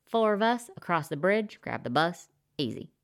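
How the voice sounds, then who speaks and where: A man's voice: high voice, big pitch swings, moderate pace, fairly bright tone, voice pushed up, exaggerated voice. A woman voicing a swaggering right-wing prepper man who talks crudely and rallies his friends in a storybook reading. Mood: scheming. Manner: crude, fired-up rallying talk.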